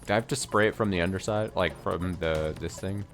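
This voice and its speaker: A man's voice: deep voice, fairly quick, soft background music. A man streaming a game live, commenting to himself in an exasperated way and swearing as he plays.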